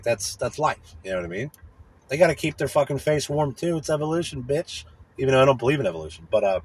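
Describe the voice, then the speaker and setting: Rambling and swearing, a podcast host complains irritably in a casual rant, frequently tossing in "you know what I mean." His voice is mid-range and slightly rough.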